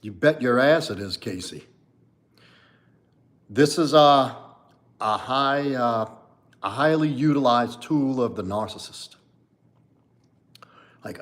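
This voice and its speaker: A man's voice: mid-range voice, unhurried, long pauses. A man in his forties hosting a casual livestream as a coach, answering viewer comments in a blunt, candid, profane way with lots of "like" and "you know". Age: 40s.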